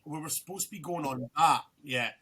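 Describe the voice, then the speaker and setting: A man's voice: fairly high pitch, brisk, bright, forceful tone, slightly rough. A young man, a podcast guest, telling a rambling story in casual chat, swearing freely and restarting his sentences.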